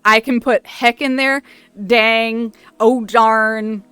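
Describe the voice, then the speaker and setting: A woman hosting a casual livestream, chatty and quick to laugh, often stumbling and restarting her words. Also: a little high, steady tone, bright, forceful tone, smooth, no echo. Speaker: streamer host.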